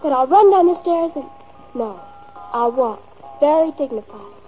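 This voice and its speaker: A woman's voice: high-pitched, expressive, normal speed. An actress playing a lonely, imaginative fifteen-year-old girl who is dreamy and precocious, in an old film. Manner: dreamy and precocious, pert when cornered. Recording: tinny lo-fi old film soundtrack, faint music.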